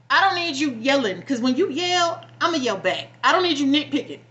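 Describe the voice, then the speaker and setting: Vlogger, young woman: high, bright voice, blunt profane venting, near tears. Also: sing-song, a little fast, few pauses, muffled recording. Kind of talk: emotional personal vlog rant.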